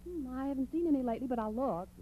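A woman's voice: sits high, expressive, rapid-fire, dark tone. An actress playing a playful, bantering girlfriend in 1940s radio acting. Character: playful witty young girlfriend. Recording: dull old radio recording with hum.

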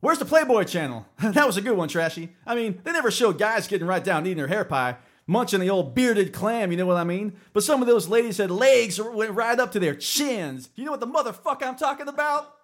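A man voicing a crude, excitable teenage boy with a shrill, loud and leering delivery. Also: fairly quick.

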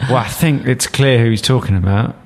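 A man's voice: mid-range voice, a little fast, vocal fry. A man hosting a casual sports podcast, steering the chat with dry joking asides. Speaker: podcast host.

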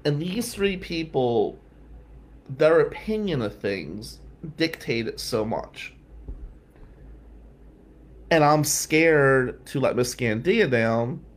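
A male podcast host telling a personal story in an animated way, swearing freely and loudly acting out what others said. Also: medium pitch, slow, pauses often.

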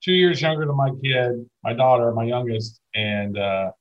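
A man's voice: mid-range voice, normal speed, lo-fi sound. A middle-aged man co-hosting a casual podcast, rambling and enthusiastic, with playful swearing. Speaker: podcast co-host.

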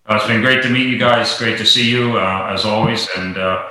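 A man's voice: lowish voice, a little fast. Rambling man in an echoey room. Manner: rambling, many fillers and restarts. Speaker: guest, golf professional. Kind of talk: casual interview talk.

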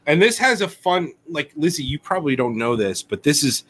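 A man's voice: fairly high pitch, sing-song, fairly quick, fairly bright tone. A man co-hosting a podcast in casual chat, playful and drawing out words for emphasis. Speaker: podcast co-host.

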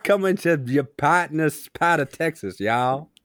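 A man's voice: extremely high pitch, huge pitch swings, normal speed, gravelly, sharp tone, no echo, studio quality, voice pushed up, exaggerated voice. A man voicing a clownish fake British man whose accent slides into a Texan drawl. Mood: goofy. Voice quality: exaggerated, wobbling mock accent.

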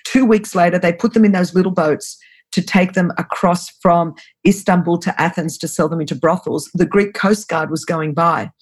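A woman in her fifties, a guest on an interview podcast, telling her story in an earnest, urgent, fast-flowing way. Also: fairly low pitch, steady tone, slightly rough. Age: 50s. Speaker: guest, anti-trafficking founder.

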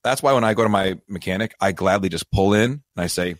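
A man hosting a financial advice show, telling a self-deprecating story in a lively, casual way. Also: sits low, fast talker, dry recording, clean studio sound. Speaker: financial advisor and show host.

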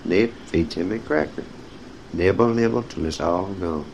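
A man's voice: low voice, moderate pace, creaky, a little mellow, a little hiss or hum, poor audio. A man reading children's picture-book stories aloud, speaking directly to young listeners and telling them when to turn the page. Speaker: storyteller.

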